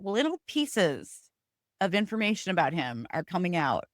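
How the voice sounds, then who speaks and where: Animated woman gushing in a TV recap. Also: on the low side, moderate pace, dry recording, studio quality. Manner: excitable, laughs often. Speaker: podcast co-host. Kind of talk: casual TV recap chat.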